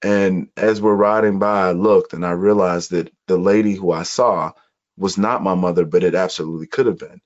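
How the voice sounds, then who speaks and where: A man from Chicago, a podcast guest, telling his life story in an earnest, measured way during an interview. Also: low voice, fairly even intonation. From Chicago, USA. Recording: dull lo-fi audio.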